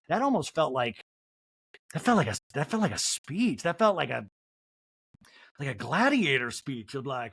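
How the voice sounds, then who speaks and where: A man's voice: a little high, normal speed, creaky, pauses often, breathy edge, no echo, studio quality. A man hosting a podcast and recapping a reality show with comic, gossipy asides. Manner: animated, gossipy, many fillers. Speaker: podcast host. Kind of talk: comedic TV recap.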